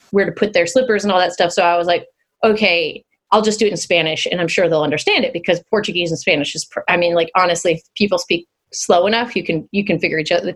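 A woman's voice: fairly low pitch, a bit bright. A woman co-hosting a casual chat, telling stories in a chatty way and laughing often. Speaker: podcast co-host.

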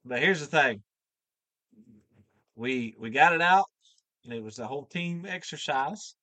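A man with a bright, forceful voice tells a folksy, cussing shop story in easy conversation. The sound is dry and close to the mic. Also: mid-range voice, lively intonation, unhurried, no echo. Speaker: mechanic guest. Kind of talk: casual storytelling chat.

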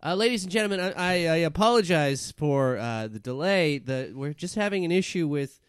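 A man's voice: a little high, animated, brisk, clear, resonant tone, no echo, clean studio sound. A man improvising as a flustered stage magician on a comedy podcast. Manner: flustered, stammering showman.

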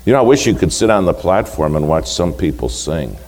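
A male preacher delivers a storytelling sermon, talking to the congregation in a conversational way. His voice sits low but moves through a wide melodic range, pressing hard on key points. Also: fairly quick. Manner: animated, conversational, emphatic.

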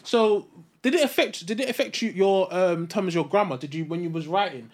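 A man's voice: high-pitched, a little fast, a little mellow. A young man, co-hosting a casual podcast debate and pressing his points with repetition. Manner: emphatic, repeats himself when pressing a point. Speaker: podcast co-host.

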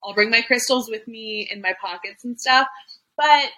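Bright-voiced chatty woman podcast host. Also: fairly high pitch, moderate pace, rough recording. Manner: chatty, lots of fillers and restarts. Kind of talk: casual chat.

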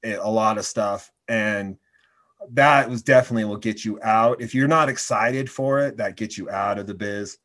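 Excited man swapping stories. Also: lowish voice, normal speed. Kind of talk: casual chat.

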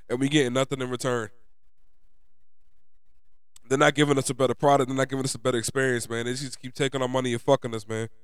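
A man's voice: mid-range voice, clear, resonant tone, no echo, studio quality. A young man from New York with a New York accent, ranting in a frustrated, profane, emphatic way as a sports fan vlogger.

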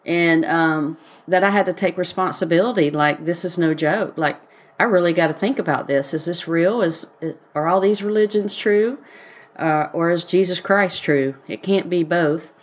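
Southern woman podcast host, relaxed rambling faith chat, sits a little low. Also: moderate pace. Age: adult, grown daughter. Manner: rambling, personal storytelling with many fillers.

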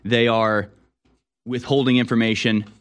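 A man's voice: medium pitch, flat delivery, a little slow, clear, resonant tone. A man hosting a talk radio show, reading news stories aloud and commenting on them with sarcasm. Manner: sarcastic, reads headlines then editorializes.

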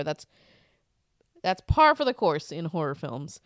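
A woman's voice: medium pitch, sing-song, normal speed, no room sound. A woman co-hosting a casual podcast, blunt and profane with a dry humor. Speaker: podcast co-host.

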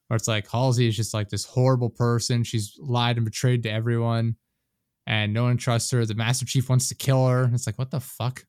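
A man's voice: lowish voice, flat delivery, a little fast, smooth, no echo, studio quality. A man chatting casually, rambling and swearing, often laughing at his own stories. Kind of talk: casual chat.

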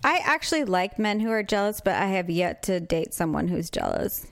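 A woman's voice: medium pitch, sing-song, moderate pace, gravelly, dry recording, clean studio sound. A woman in casual chat, making wry asides.

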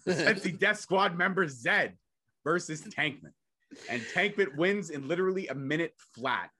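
A young man co-hosting a podcast, eagerly recapping events in a casual, hurried play-by-play chat. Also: a little high, lively intonation, sharp tone. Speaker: podcast co-host.

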